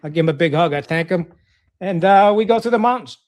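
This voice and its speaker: Here the same kind of guest, a middle-aged ex-Marine officer from Pakistan, talks fast and expressively in a high voice. He recounts combat stories conversationally on a podcast, swearing freely, cutting straight to it, and restarting his sentences amid plenty of fillers.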